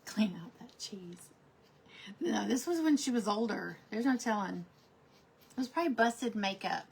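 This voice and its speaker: A middle-aged woman chatting casually while she paints crafts, telling stories and often trailing into soft asides. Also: medium pitch, breathy edge. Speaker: crafting vlogger.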